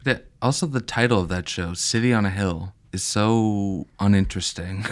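A man's voice: lowish voice, moderate pace. A man co-hosting a podcast, chatting casually with a sarcastic, mocking tone. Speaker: podcast co-host. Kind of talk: casual comedic chat.

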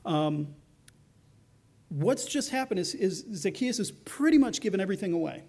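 A man's voice: high-pitched, lively intonation, a little slow, darkish tone. A middle-aged male pastor preaching a sermon in a conversational way, acting out the voices he quotes.

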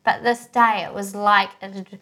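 A mother, co-hosting a casual chat and telling a family story with animated laughter. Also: mid-range voice, moderate pace. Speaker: podcast co-host, mother.

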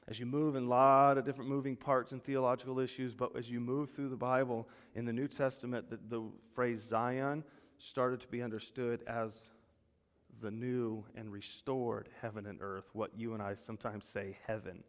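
A male pastor preaching a sermon, animated, rising loud and emphatic when he voices God's words. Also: medium pitch, moderate pace. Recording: long hall reverb.

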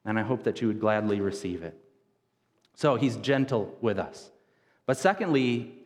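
A man in his thirties preaching a sermon in a conversational, casual way, often repeating words as he goes. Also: medium pitch. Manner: conversational, casual wording, frequent word repeats. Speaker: pastor. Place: church sanctuary. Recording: long reverb of a church hall.

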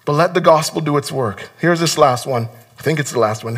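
A man delivers a sermon to his congregation in a high voice. His tone is bright and forceful. He talks in an earnest, urging way, doubling back on words as he drives each point home. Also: brisk. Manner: earnest, exhorting, repeats words when stressing a point. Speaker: pastor. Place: church sanctuary.

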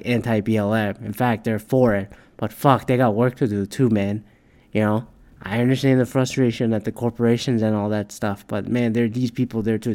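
A man's voice: medium pitch, a little mellow, smooth. Male ranter, casual and profane, rambling with lots of restarts. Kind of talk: casual ranting monologue. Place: Detroit area.

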